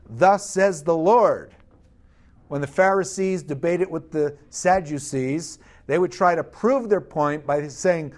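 A man preaching a sermon, emphatic, asking the congregation rhetorical questions. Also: sits high.

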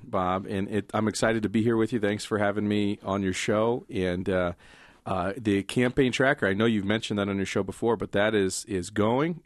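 Earnest low-voiced male campaign guest. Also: no echo, clean studio sound. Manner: earnest, with filler ums. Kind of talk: studio interview.

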